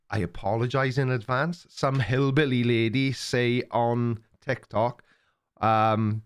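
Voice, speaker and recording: A man's voice: medium pitch, clean tone. An older man with a Welsh accent, hosting a live stream and chatting casually with viewers in a rambling, teasing way. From Wales. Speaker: livestream host reading chat.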